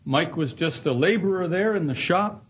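Earnest male preacher, high husky voice, storytelling sermon. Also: normal speed, poor audio. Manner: earnest, acts out voices in quoted dialogue. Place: Canada.

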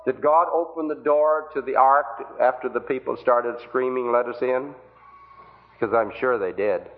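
A man with a medium-pitched voice speaks at normal speed in an evangelistic sermon, using rhetorical questions to plead earnestly with his congregation. The old recording sounds tinny, like a phone.

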